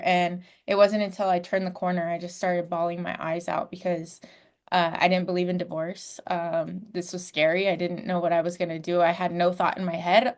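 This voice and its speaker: A woman, a podcast guest in her twenties, telling her life story in a candid, heartfelt way with frequent fillers. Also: on the low side. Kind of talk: personal storytelling.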